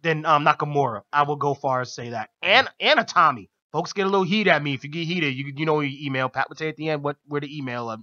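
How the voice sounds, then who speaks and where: A man co-hosting a radio show, recapping wrestling in casual chat with excitement and laughter, loudly acting out quotes. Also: fast talker, few pauses, dull audio. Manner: excited, laughing, acts out quotes in loud high voice.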